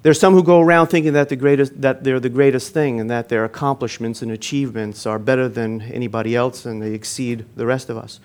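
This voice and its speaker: An earnest male preacher mixes teaching with a personal story told from the pulpit. His voice sits in an ordinary middle pitch, lifting and pushing louder at the start of phrases, then dropping soft at their close. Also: steady tone, brisk, few pauses. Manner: earnest storytelling, swells then drops to quiet endings.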